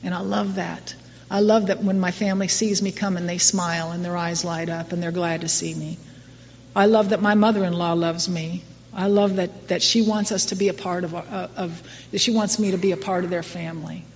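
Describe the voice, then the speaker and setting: A woman's voice: lowish voice, steady tone, brisk, a little hiss or hum. A middle-aged woman speaking to a recovery group in a wry, self-mocking, conversational way, with many restarts. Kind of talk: personal talk to a recovery group. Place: meeting hall. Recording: distant muffled hall recording.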